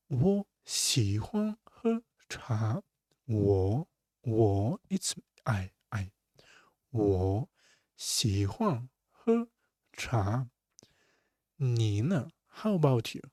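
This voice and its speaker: Male language teacher, slow deliberate drills with swooping tones; dry recording. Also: mid-range voice, very animated, dark tone, dry recording. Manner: repeats each word slowly, drawn-out Chinese tones. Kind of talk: slow language lesson explaining words.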